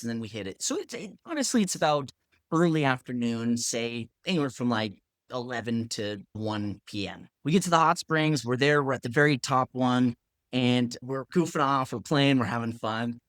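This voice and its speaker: A man, a pharmacist, telling a story in a casual, animated way, acting out other people's lines and saying "like" a lot. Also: medium pitch, normal speed, dry recording, clean studio sound.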